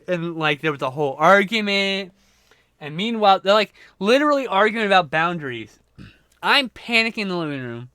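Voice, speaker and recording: Bright, clear-voiced man telling a crude story. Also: high voice, lively intonation, brisk. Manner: profane, rambling anecdote with restarts. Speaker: livestream host. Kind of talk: casual storytelling chat.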